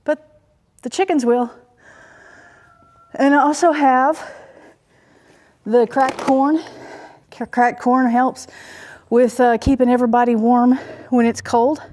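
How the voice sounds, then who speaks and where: A woman's voice: high-pitched, fairly even intonation, slow pace, long pauses, mellow. Chatty woman homesteader doing chores. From Oklahoma. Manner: chatty, rambling, many fillers. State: out of breath. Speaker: homesteader vlogger. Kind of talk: casual narration while doing farm chores. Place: outdoors on a farm.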